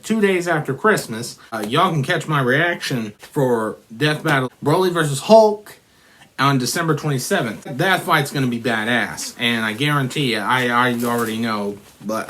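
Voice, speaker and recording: Man, reaction video host, casual rambling talk, bright forceful tone, middle pitch. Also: slight background noise. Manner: rambling, with many restarts and fillers.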